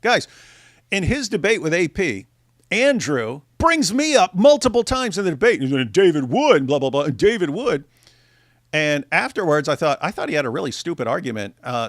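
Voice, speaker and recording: Male streamer host, mid-high voice, very animated and mocking, dry close sound. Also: dry recording. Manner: animated, mocking, mimics critics in shrill voices. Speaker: livestream host. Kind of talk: casual livestream chat.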